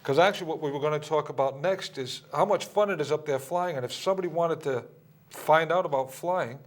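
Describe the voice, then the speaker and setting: Mid-high voiced cable show host. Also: male voice, brisk. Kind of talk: talk show hosting.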